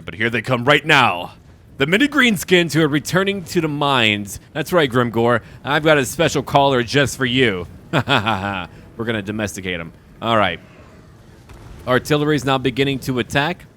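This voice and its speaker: A man giving excited live commentary over a strategy game battle, joking and talking to the enemy. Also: mid-range voice, slight background noise. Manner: excitable, talks to enemy units and jokes. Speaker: gaming YouTuber.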